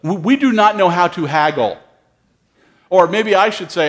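A man's voice: high-pitched, moderate pace, fairly bright tone. A pastor delivering a sermon as a story, a man who talks through each scene and acts out the dialogue.

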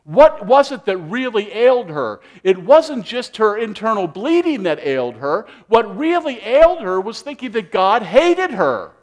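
A man preaching a sermon, animated, acting out people's inner voices with sighing asides. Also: high-pitched, unhurried, few pauses. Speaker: pastor.

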